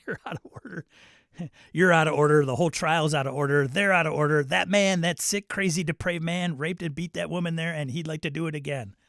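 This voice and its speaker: A man's voice: on the high side, fairly even intonation, measured pace, vocal fry, long pauses, a bit bright, no room sound, clean studio sound. A man playing a furious, impassioned male courtroom lawyer, quoting an indignant film speech. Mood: outraged.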